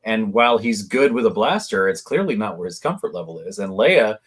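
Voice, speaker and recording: A man's voice: fairly low pitch, lively intonation, brisk, husky. A man co-hosting a casual podcast discussion, talking in a reflective, chatty, storytelling way. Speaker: podcast co-host.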